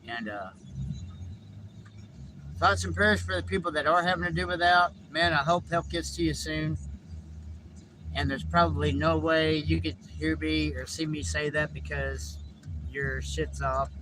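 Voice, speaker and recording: A man with a high voice, chatting on a live stream from inside his vehicle. He rambles and cusses casually, circling back to repeat himself, with faint outdoor noise behind him. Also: measured pace, long pauses. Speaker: livestreamer.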